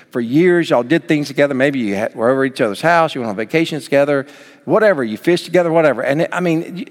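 A man preaching a sermon as pastor, swinging from soft, low passages up to near shouts. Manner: dynamic preaching, rising to near shouts then dropping soft. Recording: long hall reverb.

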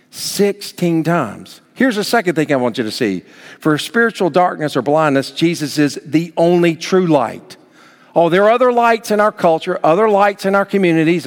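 A man preaching a sermon as pastor, emphatic, with sudden rises in pitch and loudness. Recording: long hall reverb.

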